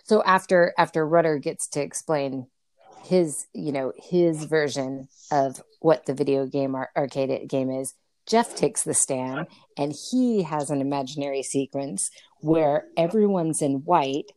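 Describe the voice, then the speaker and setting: A woman's voice: sits low, measured pace, darkish tone, no room sound. A woman co-hosting a podcast, chatting casually as she recaps a movie, with plenty of fillers and laughs. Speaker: podcast co-host. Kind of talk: casual chat recapping a film.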